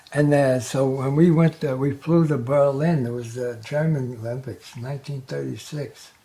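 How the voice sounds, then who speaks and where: Man in his nineties, interview guest, storytelling jokes, wisecracking, chuckles at punchlines, warm dark tone. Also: medium pitch. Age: 90s. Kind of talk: joke-telling storytelling. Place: local TV studio.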